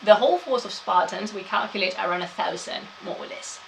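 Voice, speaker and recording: A woman's voice: medium pitch, a little fast, creaky, slight background noise, poor audio. A woman gives a chatty live-streamed history talk, laughing often and answering chat.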